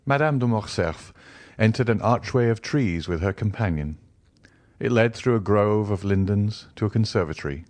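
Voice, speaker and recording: A man narrating a classic novel as an audiobook in a measured way. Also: lowish voice, expressive, a little mellow, no echo.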